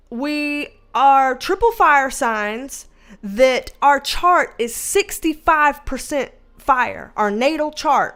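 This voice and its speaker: A woman's voice: high voice, a bit bright. A young woman hosting a casual livestream, reading viewer comments aloud, chatty, laughing often and swearing now and then. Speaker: livestream host reading chat. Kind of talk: casual chat.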